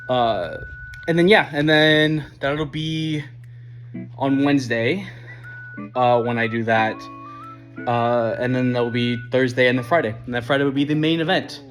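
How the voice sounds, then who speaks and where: A young man giving a casual video diary update, excited and rambling with lots of fillers and restarts. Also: medium pitch, a little slow, faint music behind. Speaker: vlogger planning a party.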